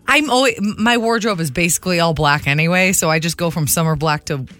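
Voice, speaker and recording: A woman's voice: lowish voice, a little fast, a bit bright, dry recording, soft background music. A woman co-hosting a morning radio show, chatting along and agreeing with her partner in a studio. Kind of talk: casual on-air banter. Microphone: studio microphone.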